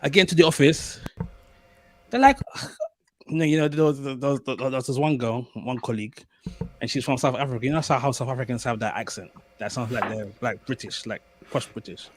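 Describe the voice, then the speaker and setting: A young man co-hosting a podcast, chatting casually and telling stories in an animated, stammering way. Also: medium pitch, a little fast, a little hiss or hum. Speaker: podcast co-host. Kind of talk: casual chat.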